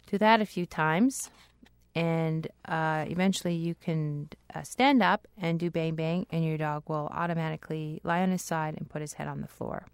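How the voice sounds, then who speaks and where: Woman dog trainer explaining tricks, upbeat with bursts of sing-song praise, lowish smooth voice, dry close sound. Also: fairly even intonation, normal speed, dry recording. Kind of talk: instructional talk.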